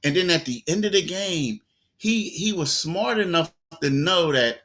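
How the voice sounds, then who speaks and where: A man talks through a basketball game in a loose, conversational way. His voice is bright and forward, with repeated words and acted-out quotes as he tells the story. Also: high voice, expressive, a little slow. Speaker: sports reporter guest. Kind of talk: casual sports talk.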